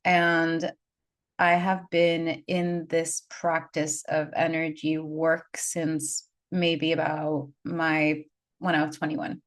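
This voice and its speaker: A woman in her thirties, a spiritual guide, telling her story in an unscripted, chatty way with lots of "like," and leading slow breathing cues. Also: deep voice, level tone. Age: 30s. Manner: chatty, filler-heavy, frequent "like". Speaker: spiritual guide and energy healer.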